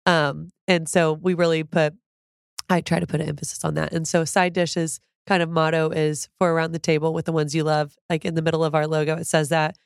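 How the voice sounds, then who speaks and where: Recorded dry with clean studio sound, a low-pitched, creaky woman's voice speaks a little fast with a flat delivery. She is a food creator in her thirties giving a conversational podcast interview, using fillers and coming across as warm, earnest, open and occasionally emotional.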